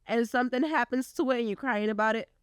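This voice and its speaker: A woman's voice: a little high, quick pace, clean tone, dry recording, studio quality. A young woman in her late teens co-hosting a casual podcast, teasing and giggly. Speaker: podcast co-host. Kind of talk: casual chat.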